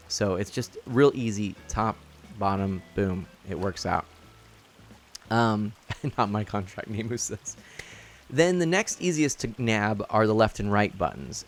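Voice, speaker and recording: Slow, laid-back male game streamer. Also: lowish voice. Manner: relaxed, chatty, frequent laughs, reads chat aloud. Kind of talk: casual live-stream commentary.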